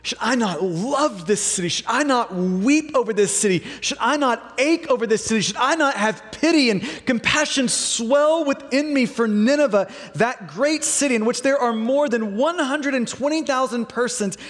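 High-voiced preacher in a reverberant hall. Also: male voice, normal speed, few pauses. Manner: animated, acts out quoted voices. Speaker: pastor. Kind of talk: sermon. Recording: long reverb of a large hall.

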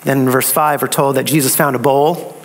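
A man preaching an expository sermon, slow and dramatic, with emphatic repetition. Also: mid-range voice, steady tone.

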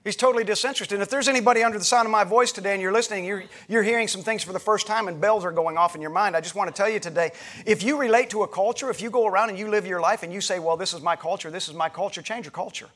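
A middle-aged male pastor with a fairly high voice delivers a sermon in a relaxed, storytelling way. He retells a conversation line by line and often restarts his sentences as he speaks to the congregation. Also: very fast, hardly any pauses. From United States. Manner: conversational preaching, retelling dialogue with frequent restarts.

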